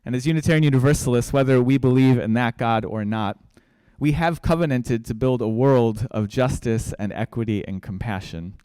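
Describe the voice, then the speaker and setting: Male guest preacher, storytelling sermon, smooth dry voice. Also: medium pitch, normal speed, few pauses, dark tone, dry recording. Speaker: guest speaker.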